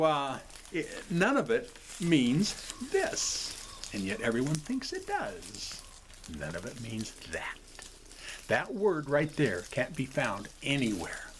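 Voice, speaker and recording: Talking to the camera from home, a man explains things casually and at a ramble, apologizing a lot and asking "okay?" as he goes. He has a medium-pitched, somewhat bright voice, and a little hiss or hum sits under the recording.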